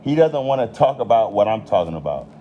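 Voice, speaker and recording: A man's voice: lowish voice, sing-song, brisk, mellow, dull audio, a little hiss or hum. A man with an American country accent ranting in a heated, profane monologue. He swears constantly and repeats himself for emphasis. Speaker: commentator.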